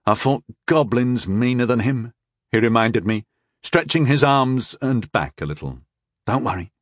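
A man's voice: mid-range voice, measured pace, dry recording, studio quality. A man playing a self-assured young swordsman-mage with an easy, teasing manner. The delivery stays near the reader's natural voice in this storybook duel. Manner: relaxed, teasing. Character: confident easygoing young male swordsman-mage.

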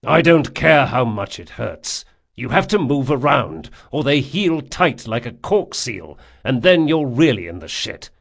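Reader doing gruff burly thief: blunt, coarse, scolding, a touch raised. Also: male voice, medium pitch, sing-song, a little slow, voice pushed up, full character voice.

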